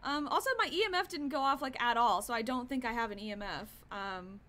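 A woman's voice: a little high, brisk, fairly bright tone. A woman streaming a horror game, commenting live in a jumpy, easily startled way, gasping and swearing.

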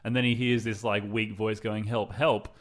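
Young Australian male podcast host, rapid casual rambling, lowish voice. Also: level tone, a bit bright. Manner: rambling storyteller, lots of "like", playful voices.

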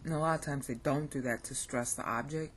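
A woman's voice: extremely low pitch, brisk, a little hiss or hum. A woman with an American accent giving an informal recorded lesson, thinking aloud and often checking in with "okay?". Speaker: language teacher.

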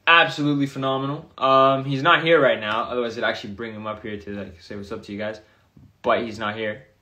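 A young man talks into his phone during a casual livestream. He drifts from one viewer comment to the next in a loose, chatty way, with a voice that sits at an ordinary middle pitch. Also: fairly even intonation, fast, sharp tone. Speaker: streamer answering viewer comments.

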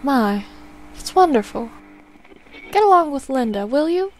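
Woman putting on a shrill, confused old mother. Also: very animated, measured pace, slight background noise. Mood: doting. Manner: quavering, fretful, then panicked shrieking. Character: frail confused elderly mother, frightened and shrill.

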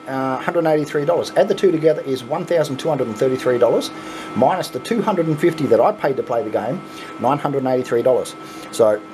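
Lively excitable Australian man. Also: on the high side. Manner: excitable, swears freely, chuckly. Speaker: coin pusher channel host. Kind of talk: casual unboxing vlog.

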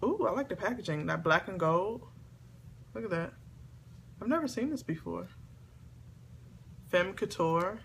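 A woman chatting excitedly to camera as she opens gifts, talking to her viewers at home. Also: mid-range voice, measured pace, gravelly, long pauses, a little hiss or hum. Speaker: beauty vlogger. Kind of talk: casual unboxing chat to camera. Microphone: camera on a tripod.

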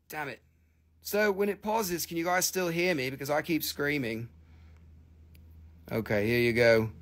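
A man with a gravelly, slightly high voice pitches stones live into his phone. He jokes and swears freely, and his grammar is loose and broken. The feel is a casual sales stream. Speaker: host selling crystals on a live stream.

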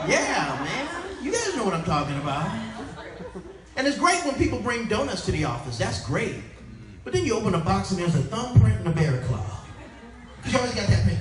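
Quick and sing-song, this middle-aged man's high voice drives a clean comedy set at a conference, full of playful crowd work and impressions. Recorded in an echoey hall, he sounds far away and the audience can be heard.

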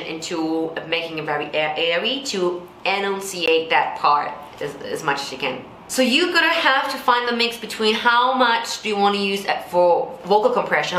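A woman vocal coach with a low contralto voice, explaining technique and breaking into sung examples. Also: sharp tone, a little hiss or hum. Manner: explains then sings example lines. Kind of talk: singing tutorial with sung demonstrations. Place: Singapore. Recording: echoey room with faint music.

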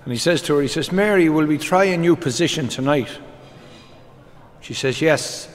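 An Irish comedian performs live stand-up, briskly firing off short jokes as quick back-and-forth exchanges and repeating "he says" as he quotes them. His voice is fairly high, and the reverberant venue carries background noise.

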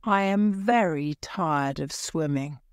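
A woman's voice: low voice, slow, clean tone, dry recording, studio quality. A woman voicing a polite, curious young girl in a storybook reading, speaking in a wondering, courteous manner.

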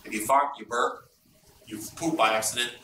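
Animated, teasing man in a roomy hall. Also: mid-range voice, normal speed. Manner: animated storytelling, blunt and teasing. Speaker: Buddhist teacher. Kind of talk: informal dharma talk. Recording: roomy, distant mic, background noise.

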